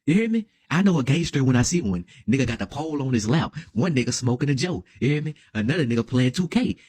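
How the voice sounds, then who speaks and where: A young man telling a wild comedic story, dramatic and excitable, full of slang and constantly asking "you hear me?". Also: medium pitch, quick pace, slightly rough. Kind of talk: animated comedic story time.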